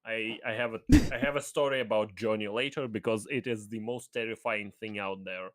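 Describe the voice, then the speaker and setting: A man's voice: fairly low pitch, fairly even intonation, a little fast, fairly bright tone. A young man in casual chat who rambles enthusiastically and swears offhandedly while debating a co-host.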